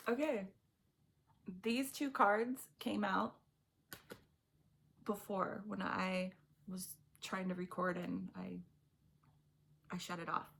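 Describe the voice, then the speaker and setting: A woman's voice: mid-range voice, fairly even intonation, very slow, creaky, long pauses, fairly bright tone, slight background noise. A woman doing a casual tarot reading, chatty and blunt, often laughing as she talks. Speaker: tarot reader.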